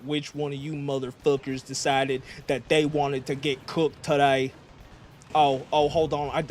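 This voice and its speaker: A man's voice: a little high, a little hiss or hum. A male VTuber streaming a game while doing a blustering, crude, mock-patriotic president parody, rambling with frequent stammered restarts. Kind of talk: comedic gameplay commentary in character.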